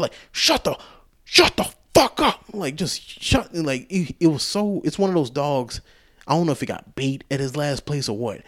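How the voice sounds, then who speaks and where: A man hosting a casual solo podcast, telling a rambling, profane story with frequent restarts. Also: medium pitch. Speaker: podcast host.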